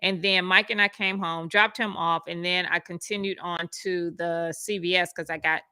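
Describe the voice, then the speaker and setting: A woman casually telling a personal story, animated and acting out the voices of the people in it. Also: moderate pace, clear, resonant tone, dry recording. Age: adult with school-age kids. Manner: animated, acts out quoted voices with big pitch jumps. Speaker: speaker sharing a personal testimony.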